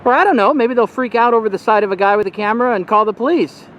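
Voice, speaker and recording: Chatty man, bright high voice, outdoor camera audio with faint traffic behind. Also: rapid-fire. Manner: chatty, rambling, laughs often. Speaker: YouTube auditor filming in public. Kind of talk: casual chat to camera and with an officer. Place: outdoors on a sidewalk by a road. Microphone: handheld camera mic.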